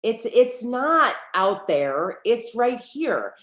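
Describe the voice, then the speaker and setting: Lively businesswoman in an echoey room. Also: on the high side, very slow. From United States. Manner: lively storyteller who acts out quoted dialogue. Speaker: entrepreneur guest. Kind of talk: conversational interview. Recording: roomy echo.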